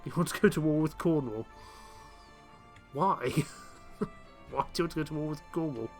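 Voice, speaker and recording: A man's voice: fairly high pitch, moderate pace, faint music behind. A man streaming a game live, chatting casually and thinking aloud with self-mocking asides. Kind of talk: casual live gameplay commentary.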